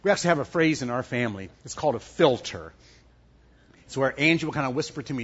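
Middle-aged male pastor preaching; animated, emphatic, a little husky, dull lo-fi recording. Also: mid-range voice, fast. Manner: animated, emphatic preaching with sudden soft drops. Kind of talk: sermon. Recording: dull lo-fi sound.

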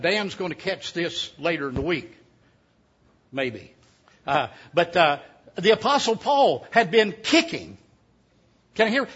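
Preacher spinning a yarn, high bright voice, bit husky, muffled lo-fi sound. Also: male voice. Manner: folksy, joking storyteller. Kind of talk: sermon with a folksy story. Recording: dull lo-fi sound.

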